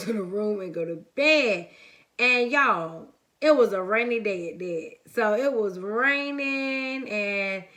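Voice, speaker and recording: Bright-voiced chatty young woman storyteller. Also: mid-range voice. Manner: lively storytelling, talks straight to viewers; casual and chatty, calls viewers honey and baby. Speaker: vlogger. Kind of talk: story time vlog.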